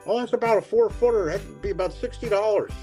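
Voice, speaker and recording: A man's voice: high voice, quick pace, dark tone, faint music behind, pitched above the performer's own voice. A man voicing a friendly older male Christmas tree seller, easygoing and helpful.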